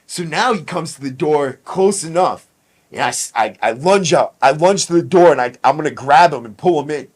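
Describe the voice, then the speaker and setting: A man's voice: on the high side, lively intonation, normal speed. Blunt, profane man telling a story. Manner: profane, blunt, street slang. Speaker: podcast host. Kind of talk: casual storytelling.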